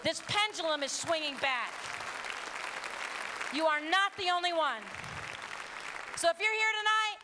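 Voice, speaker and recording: High bright-voiced woman preaching in a hall. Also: measured pace, long pauses, background noise. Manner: emphatic, preachy storytelling. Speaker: speaker addressing teens. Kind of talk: live motivational talk. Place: large hall with audience. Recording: long hall reverb, faint crowd.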